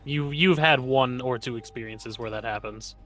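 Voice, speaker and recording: A man chats casually during a tabletop game session. He argues his point earnestly in a mid-pitched voice, often restarting his sentences. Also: moderate pace, a bit bright. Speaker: player.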